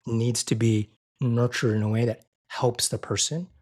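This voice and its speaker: An earnest man speaks in a conversational podcast interview, often repeating himself and restarting phrases. His pitch sits in the middle of the male range. When he quotes gentle, loving words, his voice rises higher and softer. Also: steady tone, measured pace. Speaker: guest, physician and IFS therapist.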